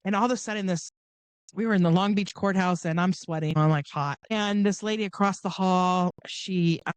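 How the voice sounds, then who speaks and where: A woman's voice: moderate pace, clean tone, no room sound. A middle-aged woman from Southern California, a podcast guest casually telling a long personal story and acting out the voices of the people in it. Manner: animated, acts out quoted voices with big pitch jumps.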